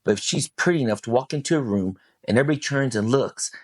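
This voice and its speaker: A middle-aged man, a podcast guest, telling a personal story in casual talk, swearing freely and acting out what people said in a raised, animated voice. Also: mid-range voice, fast talker, dry recording, clean studio sound. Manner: animated, swears, acts out quoted lines in a raised voice.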